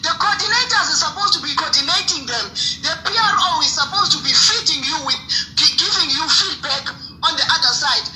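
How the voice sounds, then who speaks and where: Woman, South African accent, phone-in caller, high voice, echoey sound, music underneath. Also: lively intonation, brisk. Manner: urgent, with hesitations. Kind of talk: impassioned phone-in call.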